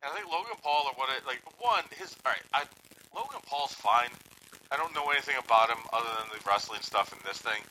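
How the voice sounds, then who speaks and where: Bright-voiced man rambling in casual chat. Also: medium pitch, animated, fast, a little hiss or hum, poor audio. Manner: rambling, retells scenes with quoted voices.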